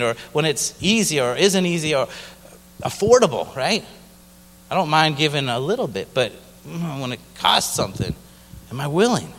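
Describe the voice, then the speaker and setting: A man's voice: on the high side, a bit bright. Man telling a testimony in an echoing hall. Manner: conversational storytelling, acts out others' voices. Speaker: missionary. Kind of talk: personal testimony in a sermon. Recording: long reverb of a large hall.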